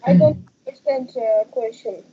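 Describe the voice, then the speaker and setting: A woman's voice: fairly high pitch, expressive, slightly rough, muffled recording. A woman student in an English lesson, hesitant, reading words aloud one by one. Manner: hesitant, reads words slowly.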